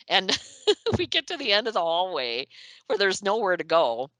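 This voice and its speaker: Animated, bright-voiced woman storyteller. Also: mid-range voice, moderate pace, no echo. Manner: lively storyteller who laughs through her stories. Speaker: interview guest, music journalist. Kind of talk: animated anecdote telling.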